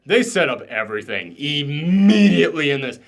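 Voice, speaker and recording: Man, slightly high voice, animated ranting host of a film reaction chat. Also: normal speed, vocal fry. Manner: animated, exasperated ranting with swearing. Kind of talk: casual film review chat.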